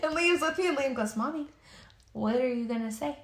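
Animated high-voiced woman telling a story. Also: a little fast. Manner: animated, swears often, laughs through her story. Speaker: podcast co-host. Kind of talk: casual chat, storytelling. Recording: echoey room.

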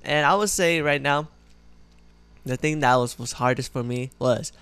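A man's voice: mid-range voice, normal speed, fairly bright tone, smooth, no echo. A young man chatting casually in a vlog, rambling with lots of fillers, his speech slightly muffled by retainers. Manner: rambling, filler-heavy, self-correcting. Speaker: vlogger.

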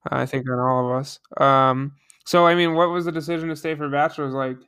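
A woman interviewing a former classmate in a relaxed, encouraging way. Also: sits low, a little fast, smooth. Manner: relaxed, encouraging, brief responses. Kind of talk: casual conversational interview.

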